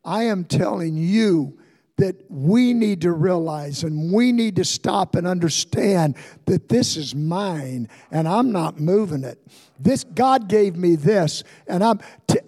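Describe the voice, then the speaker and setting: An older man preaching a sermon as pastor, telling stories and building to fervent shouts. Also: sits high. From Ohio, USA. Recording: long hall reverb.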